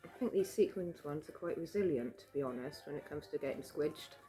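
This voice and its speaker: A woman's voice: sits low, a little fast, mellow. A British woman in a casual home video, talking through her handbag collection in a chatty, rambling way with fillers and small laughs. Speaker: vlogger. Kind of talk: casual show-and-tell chat. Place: home room.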